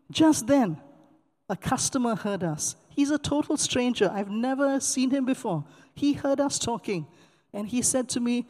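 Mellow-voiced preacher in a reverberant hall. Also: medium pitch, moderate pace. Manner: storytelling, emphatic repetition. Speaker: pastor. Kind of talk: sermon.

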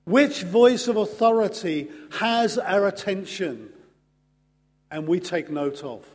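A man preaching a sermon in an earnest, measured way, pausing slowly for emphasis. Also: high voice, lively intonation, darkish tone. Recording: long hall reverb.

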